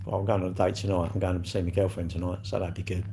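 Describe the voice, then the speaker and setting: A man's voice: sits low, level tone, rapid-fire, mellow, slight background noise. An older man, chatting casually with viewers on a livestream, blunt and joking, swearing freely. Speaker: livestream host.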